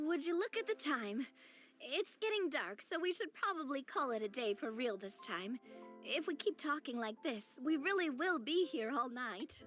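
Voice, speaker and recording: Bubbly young noblewoman for a game; high, expressive and chatty. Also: a little slow, faint music behind. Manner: bubbly and expressive, thinking aloud. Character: cheerful, lively young noblewoman. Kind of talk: game voice acting.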